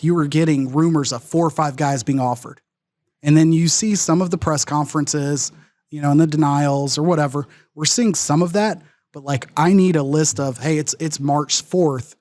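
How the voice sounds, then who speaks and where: A man's voice: a little high, a little mellow, dry recording, studio quality. A man co-hosting a sports podcast, talking in a rambling way, filling with "like" and "uh". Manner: rambling, lots of "like" and "uh". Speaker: podcast co-host. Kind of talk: casual sports chat.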